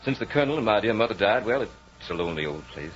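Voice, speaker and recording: A man's voice: expressive, racing, faint music behind, natural voice. A man playing a brooding, possessive jilted heir. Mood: melancholy. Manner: low, brooding, menacing delivery. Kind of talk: 1940s radio acting. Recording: dull old radio recording with faint hiss.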